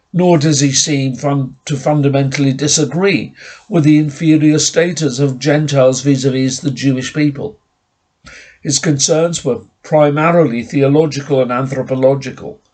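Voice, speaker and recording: A man delivers a measured, formal sermon in a husky voice. His pitch sits in the middle of the range, and he sounds like he is lecturing from a pulpit. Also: darkish tone. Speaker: preacher.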